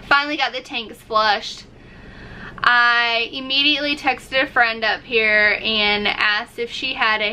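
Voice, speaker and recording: A woman's voice: fairly high pitch, pushed and bright, slight background noise, low-quality recording. A woman vlogger casually telling a story to camera, acting out her own reactions as she goes. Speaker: RV-living vlogger.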